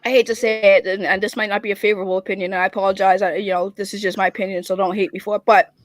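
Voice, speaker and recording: A woman with a Boston accent, chatting as a guest on a livestream show, fiery and opinionated, talking fast. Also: mid-range voice, flat delivery, no room sound. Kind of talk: casual chat.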